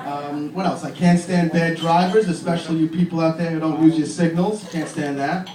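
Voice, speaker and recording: A man in his thirties delivers a stand-up set with a fairly high, deadpan voice. He is captured from across a roomy comedy club. Crowd laughter and noise fill the background. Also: moderate pace. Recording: echoey club from far off. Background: audience laughter and room noise.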